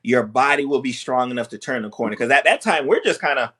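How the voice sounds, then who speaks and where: A physician hosting an interview, speaking empathetically with frequent halting restarts. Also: male voice, medium pitch, animated, bright, forceful tone, breathy edge. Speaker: physician host. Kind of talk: conversational interview.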